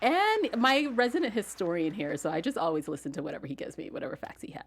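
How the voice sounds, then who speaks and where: Lively woman hosting a TV recap. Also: on the low side, fast talker, slight background noise. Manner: laughs easily, chatty and enthusiastic. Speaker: host. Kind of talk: casual TV recap chat.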